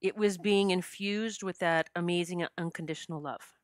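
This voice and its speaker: Low-voiced woman telling a spiritual story. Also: steady tone, normal speed, no echo, clean studio sound. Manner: heartfelt, gets choked up and emotional. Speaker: podcast host. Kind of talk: personal storytelling monologue.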